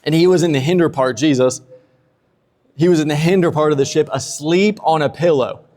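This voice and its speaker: A pastor whose voice sits on the high side and sounds a little mellow preaches at a fairly quick pace in a church sanctuary with long reverb. His sermon is casual and humorous, and he acts out quotes energetically.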